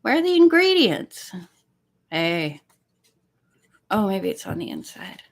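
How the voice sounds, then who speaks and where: A woman's voice: medium pitch, big pitch swings, takes it slowly, gravelly. A woman hosting a casual live stream, chatting in a rambling way and counting pages aloud. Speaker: live-stream host reading a book.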